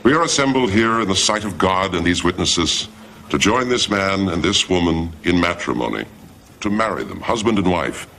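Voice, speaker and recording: Sitcom: hammy minister, deep and animated, noisy room. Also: male voice, normal speed, heavily acted. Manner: hammy, showboating. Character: hammy wedding minister man, loves attention. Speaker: sitcom character. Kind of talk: wedding officiating.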